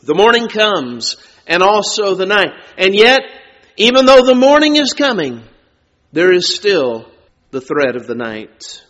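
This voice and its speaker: A man preaching a sermon, slow and deliberate, drawing out words for emphasis. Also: high-pitched, big pitch swings, fairly bright tone. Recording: dull sound with long reverb.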